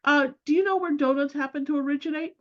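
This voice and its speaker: A woman's voice: high voice, fast talker, fairly bright tone. A woman moderating a Q&A, chatting in a hesitant, rambling way with many fillers. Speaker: moderator reading questions. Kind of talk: casual Q&A chat. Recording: dull lo-fi sound.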